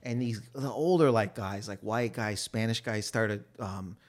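A man chatting as a podcast guest, telling anecdotes in loose, profane talk full of fillers and acting out other people's lines in loud voices. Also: on the low side, a little slow. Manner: animated storyteller who acts out quotes in loud voices. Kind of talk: casual chat, anecdotes.

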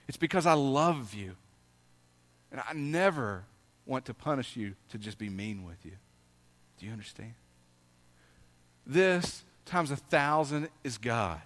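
A male pastor preaching a sermon. His delivery is dynamic, swinging from loud emphasis to soft asides, and he reads scripture with slow, drawn-out emphasis. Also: mid-range voice.

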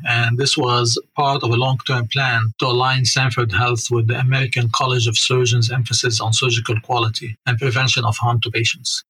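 A man serving as surgical quality officer, speaking in a measured, formal way. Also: medium pitch, bright, forceful tone, breathy edge, low-quality recording. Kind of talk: professional interview answers.

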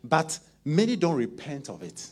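A man preaching a midweek sermon, lively and conversational, often repeating words as he works out his thought. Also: fairly high pitch, moderate pace. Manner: animated, repeats words while thinking aloud. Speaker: pastor.

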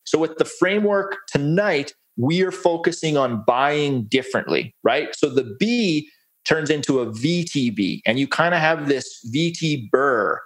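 A man's voice: a little high, animated, unhurried. A man presenting a real estate case study on a webinar, upbeat and folksy, walking through steps. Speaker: guest presenter.

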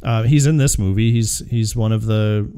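Dude hosting a movie podcast, mellow voice, casual and rambly, laughs a lot. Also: male voice, fairly low pitch, normal speed, soft background music. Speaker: podcast host.

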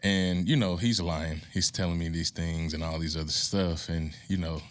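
A man with a low, deep voice speaks as a podcast guest. His advice is candid and earnest, and it builds toward impassioned, sermon-like conviction.

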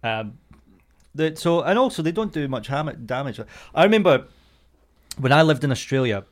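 Man, podcast co-host, casual chat, animated storytelling, frequent swearing. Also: on the high side, normal speed. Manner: animated storyteller, swears freely, bursts into loud impressions.

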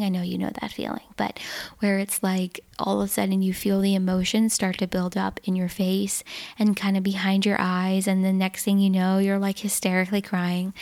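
A woman's voice: mid-range voice, a little mellow. A young woman hosting a podcast, telling a personal story in a casual, earnest way, with lots of "like" and restarts. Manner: chatty, filler-heavy, earnest and emotional. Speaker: podcast host.

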